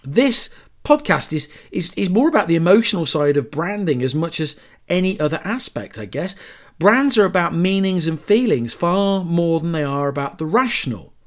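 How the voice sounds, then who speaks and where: Male podcast host, slightly higher voice, chatty and emphatic, fond of asides. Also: very animated, moderate pace. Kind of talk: solo podcast talk on branding.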